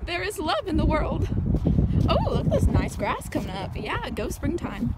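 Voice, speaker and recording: A woman's voice: sits high, big pitch swings, fairly quick, very noisy. A woman vlogger chatting casually and talking sweetly to her horse out in a paddock. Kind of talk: casual vlog chat.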